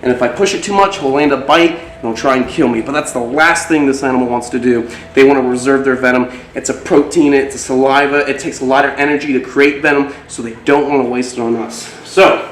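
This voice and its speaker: A man hosting a casual vlog as a reptile keeper, often cooing at his snakes in a high, excited voice. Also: a little hiss or hum. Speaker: reptile keeper and channel host. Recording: roomy, distant, music behind.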